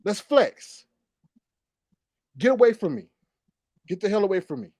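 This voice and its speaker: A man's voice: sits high, very animated, a little slow, a little mellow, no room sound. A man hosting a livestream, angrily ranting in a profane, repetitive way. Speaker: livestream host. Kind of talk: heated livestream rant.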